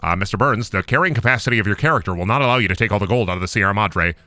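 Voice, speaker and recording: A man voicing a fawning, polite male assistant who speaks softly and deferentially. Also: fairly low pitch, expressive, rapid-fire, dry recording, pitched below the performer's own voice. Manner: soft, deferential and explaining.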